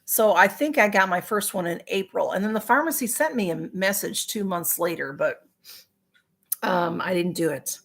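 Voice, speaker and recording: A woman hosts a relaxed live stream and talks straight to her viewers. Her tone is chatty and sympathetic, and her sentences are full of ums, pauses and restarts. Her pitch sits in a middle range. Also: vocal fry. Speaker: livestream host reading viewer comments. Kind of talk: casual live-stream chat.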